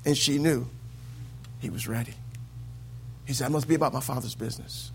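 A man preaching a sermon in a church, swinging from hushed lines to loud, sing-song peaks. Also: medium pitch, steady tone, normal speed, vocal fry, long pauses, breathy edge.

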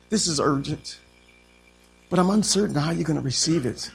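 A man preaching an impassioned sermon, reading scripture fervently and swinging from hushed tones to shouting. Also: a little high, lively intonation, normal speed, creaky, long pauses, a little hiss or hum.

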